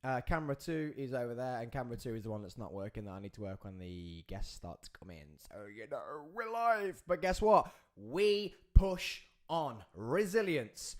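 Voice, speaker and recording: A man's voice: medium pitch, fairly quick, few pauses. A man hosting a live podcast. He rambles and jokes, and he keeps breaking off to talk to the crew. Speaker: podcast host.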